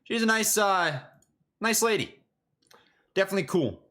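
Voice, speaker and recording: A young man chats casually on his trading stream, slangy and jokey. His voice is high and bright, and his pitch swings widely as he gets excited. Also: moderate pace. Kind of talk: casual livestream chat.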